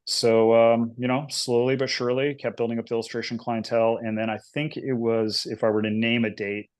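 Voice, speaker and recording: A man's voice: mid-range voice, little pitch movement, brisk, clean tone. A man in his forties, an illustrator and guest, telling his career story in a rambling, casual way full of fillers. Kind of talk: casual interview chat.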